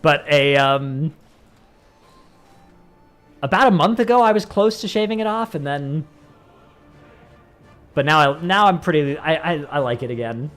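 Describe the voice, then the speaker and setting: A man's voice: fairly high pitch, expressive, unhurried, pauses often, a bit bright, soft background music. A man with a Northern Californian accent, a livestreamer chatting casually with his viewers, rambling and dropping "like" into many sentences. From San Francisco Bay Area. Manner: rambling, says "like" a lot.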